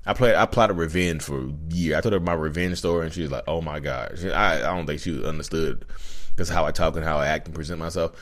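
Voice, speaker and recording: A man with a very low, deep voice talks straight to his audience in a loose, animated vlog style. He repeats himself for emphasis and keeps calling his listeners y'all. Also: fast. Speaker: self-aware narcissist channel host. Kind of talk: casual direct-to-camera talk. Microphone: podcast-style recording.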